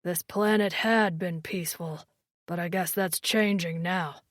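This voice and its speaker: A woman's voice: fairly low pitch, fairly even intonation, a little slow, no room sound, voice pushed down, natural voice. A woman voicing a teasing alien warrior man with dry humor in an audiobook. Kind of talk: audiobook character voice.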